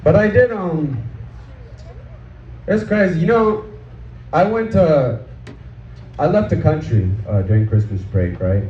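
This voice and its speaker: A man's voice: on the high side, expressive, a little slow, pauses often, a little mellow. A male stand-up comedian doing an outdoor set, chatty and crude, trading questions with the crowd. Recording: echoey, distant, dull sound with faint background noise.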